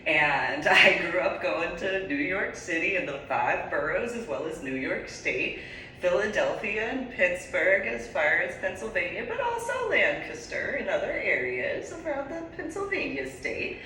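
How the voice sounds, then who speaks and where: A woman in her forties from New Jersey telling a story casually, animated and laughing often, in an echoey room far from the mic. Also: lowish voice, a little slow, a little hiss or hum. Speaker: vlogger.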